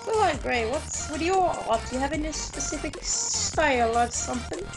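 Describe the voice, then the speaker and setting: A young woman hosting a podcast, talking fast in crude, joking casual chat. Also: high-pitched, animated. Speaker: podcast host. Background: music.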